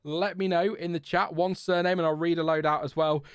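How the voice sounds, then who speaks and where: A man's voice: fairly high pitch, fairly even intonation, brisk, clear, resonant tone, no room sound, studio quality. A man hosting a casual live race reaction stream, rambling with fillers and reading out chat messages. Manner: chatty, rambling, lots of fillers and restarts, reads chat aloud. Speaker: F1 livestream host.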